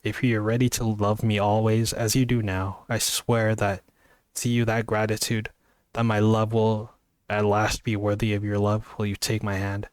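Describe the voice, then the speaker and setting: A man voicing an emotional young woman in love, reading in an earnest, halting way from a novel. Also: fairly low pitch, little pitch movement, clear, resonant tone, no room sound, studio quality, close to an everyday voice. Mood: pleading. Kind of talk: amateur book reading.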